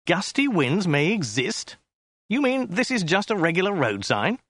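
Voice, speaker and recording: Nervous, earnest British detective, a touch higher than the narration, voiced by a male reader. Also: wildly swooping pitch, brisk, fairly bright tone, no echo, studio quality, heavily acted. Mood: puzzled. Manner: polite, hesitant, earnest. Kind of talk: audiobook character voice.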